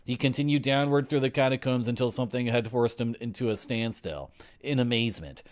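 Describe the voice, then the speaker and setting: A man's voice: medium pitch, brisk. Wry man streaming a game. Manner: wry, griping asides, sarcastic. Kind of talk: reading game text aloud with commentary.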